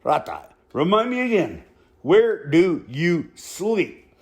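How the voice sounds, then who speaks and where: A man's voice: high-pitched, very animated, full character voice. A man doing a stern neighborhood boss. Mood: threatening. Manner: slow, threatening, mixes in Spanish phrases. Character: stern middle-aged male neighborhood boss.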